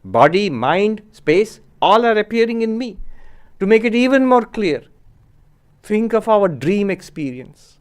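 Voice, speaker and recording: A man, a monk and spiritual teacher, giving a measured philosophy lecture and stressing points with rhetorical questions to his listeners. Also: high voice, sing-song, clear, resonant tone.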